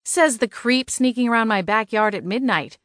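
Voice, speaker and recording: A woman voicing a sharp-tongued young witch heroine in an audiobook, snapping out defiant demands. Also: on the high side, animated, normal speed, no room sound, studio quality, voice pushed up.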